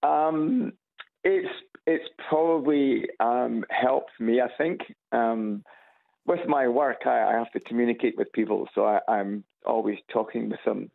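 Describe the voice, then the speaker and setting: A radio caller from Edinburgh phones in on speakerphone, his medium-pitched, gravelly Scottish voice coming through a tinny line. He chats casually, halting and repeating himself, with a dry sense of humor.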